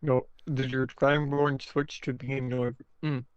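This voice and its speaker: A man's voice: medium pitch, little pitch movement, measured pace, clean tone, no room sound. A game master chats loosely with his players on a live stream, rambling and laughing between thoughts. His voice is a man's, sitting mid-range. It comes through a dry, slightly muffled home mic. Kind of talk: casual stream chat.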